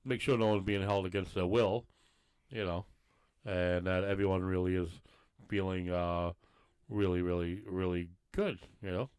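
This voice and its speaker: A New man co-hosts a loose podcast chat. His voice sits low and comes through smooth and clear. He rambles along in an easygoing way. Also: steady tone, moderate pace, darkish tone. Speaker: podcast co-host. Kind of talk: casual bar-talk podcast chat.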